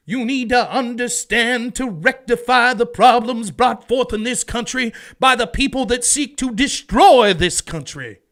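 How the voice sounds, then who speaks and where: A man doing a mocking impression of a female politician talking like a booming, drawn-out Southern preacher. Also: a bit bright, heavily acted. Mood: preachy. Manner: booming, drawn-out sermon cadence.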